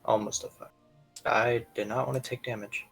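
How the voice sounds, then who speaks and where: A man's voice: medium pitch, level tone, normal speed, gravelly, fairly bright tone, soft background music, rough recording. A man playing a tabletop game, talking loosely and chatting through his moves. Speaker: player. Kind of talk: casual tabletop game play.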